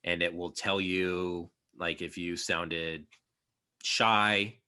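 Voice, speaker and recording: A man's voice: deep voice, steady tone, drawn-out words, sharp tone, clear, resonant tone. A young man hosting a podcast, chatting casually and rambling with lots of fillers and restarts. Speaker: podcast host. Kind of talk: casual chat.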